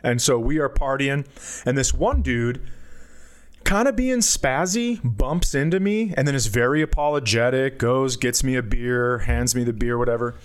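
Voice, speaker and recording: A man, a podcast co-host and comedian, telling a story in casual chat and jumping high when he quotes people. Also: normal speed, smooth. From United States. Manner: animated storyteller, jumps to high voices for quotes.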